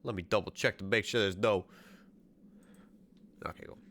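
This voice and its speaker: A man streaming a video game, chatting casually, excitable and swearing a lot as he jokes along. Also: on the low side, normal speed. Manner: excitable, profane, joking. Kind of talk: casual gameplay chat.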